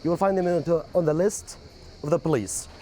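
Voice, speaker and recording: A man's voice: a little high, a little fast, warm tone, a little hiss or hum. A man explaining a procedure step by step, with fillers like "you know" and "okay".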